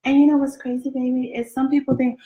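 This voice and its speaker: A woman's voice: sits high, level tone, quick pace, dark tone. A woman co-hosting a relationship talk show beside her husband, backing up his points and adding her own in casual chat. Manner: affirming backchannels, chimes in supportively. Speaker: co-host, the host's wife. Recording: echoey room.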